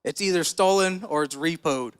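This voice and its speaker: A man's voice: fairly high pitch, moderate pace, smooth. A man preaching a sermon, telling a personal story in a folksy, conversational way and asking the congregation questions. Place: church hall. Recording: church hall reverb.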